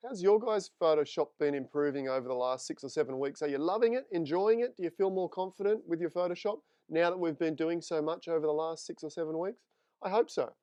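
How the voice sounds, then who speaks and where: A man's voice: fairly high pitch, fast talker, mellow, clean tone, no echo, muffled recording. A man teaching photo editing in a live screen-share tutorial, chatting with viewers as he works. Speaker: photography instructor.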